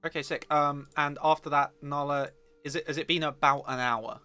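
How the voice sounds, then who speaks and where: A man's voice: on the high side, fairly even intonation, normal speed, sharp tone, clean tone, soft background music. A man playing a tabletop game, chatting casually and joking with the table. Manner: joking, banter. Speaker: player.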